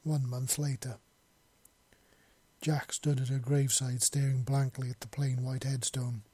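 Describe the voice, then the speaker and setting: Mellow-voiced man reading a war story. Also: medium pitch, flat delivery, unhurried, slightly rough, dry recording. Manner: acts out dialogue, shouting in grief scenes. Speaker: narrator.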